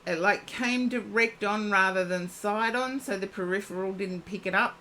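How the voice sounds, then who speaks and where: A woman's voice: mid-range voice, normal speed, pushed and bright, a little hiss or hum. A woman giving a live-streamed oracle card reading, chatting and thinking aloud as she reads. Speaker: psychic card reader.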